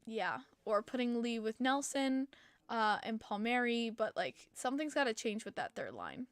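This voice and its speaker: A young woman talks hockey on her stream, opinionated and chatty as she answers chat. Her voice sits fairly high and sounds a bit tired. The sound is close and dry, with no room echo. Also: very animated, normal speed, clean tone. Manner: chatty, opinionated fan reading chat comments. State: tired, yawning. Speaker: podcast host. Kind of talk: casual live-stream chat about hockey.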